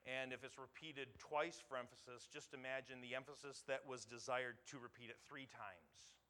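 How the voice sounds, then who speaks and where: A male pastor giving a sermon, moving from calm teaching to loud emphatic preaching, repeating words and putting questions to the congregation. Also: mid-range voice, normal speed.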